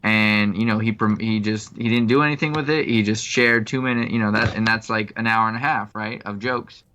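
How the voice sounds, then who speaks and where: A man's voice: lowish voice, fairly even intonation, a little fast, sharp tone. A man co-hosting a podcast, chatting casually and rambling with lots of filler words. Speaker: podcast co-host. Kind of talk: casual chat.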